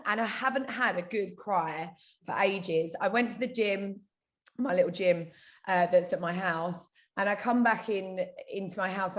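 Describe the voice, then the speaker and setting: A woman's voice: mid-range voice, fairly bright tone. A woman who is a podcast guest, chatting candidly and upbeat and speaking openly about her feelings. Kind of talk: casual chat.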